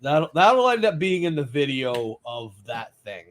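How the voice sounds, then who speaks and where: Host, male, high animated voice, laughing storyteller in casual chat. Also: a little slow, slight background noise. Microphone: own mic at home.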